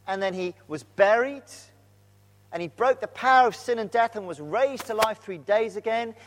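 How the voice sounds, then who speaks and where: A man preaching with an earnest, animated delivery, now and then sinking to a near hush. His voice sits high for a man. It rings with the long reverb of a church hall. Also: normal speed, background noise. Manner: earnest, animated storytelling with sudden drops to a hush. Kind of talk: sermon.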